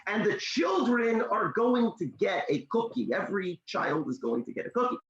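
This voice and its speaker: A man voicing a kindly elderly rebbe who speaks slowly and with a measured blessing tone, recorded in an echoey room with dull, lo-fi sound. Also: high voice, very animated, a bit bright, voice pushed up, exaggerated voice. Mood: announcing. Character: kindly elderly male Hasidic rebbe, a revered sage.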